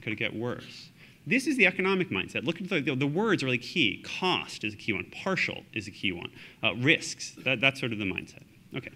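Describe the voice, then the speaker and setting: A man giving a conference talk, chatty with many fillers and restarts, acting out quoted people with sudden jumps in pitch. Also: pushed and bright. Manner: acts out quoted voices with big pitch jumps. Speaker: conference speaker. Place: conference hall.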